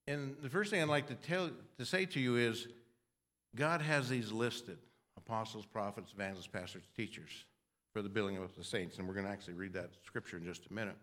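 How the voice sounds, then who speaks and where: A man's voice: on the low side, brisk, a bit bright. Rambling older male preacher. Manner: rambling, self-deprecating, frequent restarts and throat clearing. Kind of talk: sermon.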